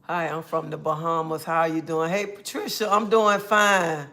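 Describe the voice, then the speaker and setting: A woman hosts a relaxed livestream, calling out viewers by name and chatting easily. She sounds a little under the weather and talks into a phone or webcam mic. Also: low voice. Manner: greets chat viewers by name, drawn-out friendly talk. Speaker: livestream host. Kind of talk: casual livestream chat.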